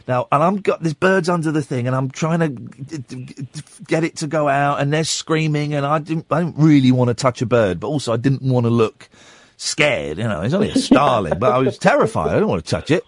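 A man hosting a late-night radio phone-in. His fairly high voice swoops wildly as he acts out the voices in his story, with a slightly husky edge. The studio sound is close and dry. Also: very animated, brisk, no room sound. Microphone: studio microphone.

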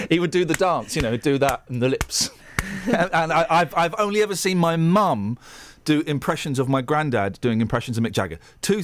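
A man's voice: fairly high pitch, no room sound. A man hosting a radio phone-in, chatty and jokey, laughing easily between lines. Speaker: radio host.

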